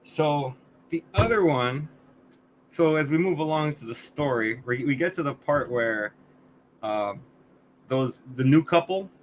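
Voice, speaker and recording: A man's voice: fairly high pitch, animated, unhurried, a little hiss or hum. A man co-hosting a podcast, reviewing a movie in casual chat, blunt and swearing often, with many restarts. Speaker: podcast co-host.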